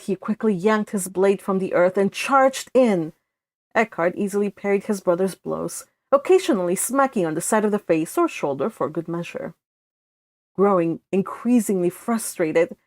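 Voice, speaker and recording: A woman narrates her own fan fiction in a steady read-along style. Her pitch sits in the middle range. The sound is close and dry. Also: moderate pace, dry recording. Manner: steady storytelling with occasional slips. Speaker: fan fiction author reading aloud.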